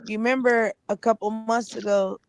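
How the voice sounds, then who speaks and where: A woman's voice: on the high side, fairly even intonation, moderate pace, clear, resonant tone, dry recording. A woman co-hosting a podcast, chatting loosely, laughing often and mimicking other people. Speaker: podcast co-host. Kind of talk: casual podcast chat.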